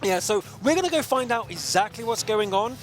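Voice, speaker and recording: A man's voice: high-pitched, expressive, brisk, soft background music. A man from Somerset, England, with a light Somerset accent tinged with American, chatting as an esports caster between matches and searching for words as he rambles. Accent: light Somerset English with an American tinge. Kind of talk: casual chat between matches.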